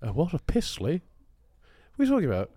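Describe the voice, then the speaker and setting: A young man, co-hosting a casual comedy podcast, playful and full of quick quips. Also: on the high side, wildly swooping pitch, dark tone, slightly rough, dry recording, clean studio sound. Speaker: podcast co-host.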